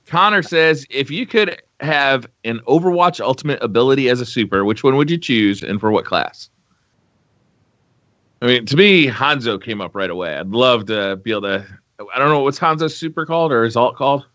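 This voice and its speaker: A man's voice: medium pitch, expressive, moderate pace, fairly bright tone, no echo, dull audio. A man hosting a casual gaming podcast, reading listener questions aloud in a candid way and swearing freely.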